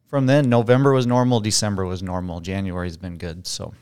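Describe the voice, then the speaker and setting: Man, fairly low voice, real estate agent guest, candid, animated. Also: a little fast, clear, resonant tone. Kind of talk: casual interview chat.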